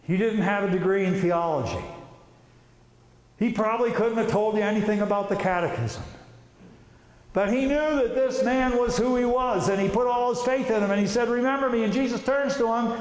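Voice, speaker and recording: A man's voice: high-pitched, normal speed. A man presenting an informal religious talk, telling the story vividly and casually with slang. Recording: echoey hall reverb.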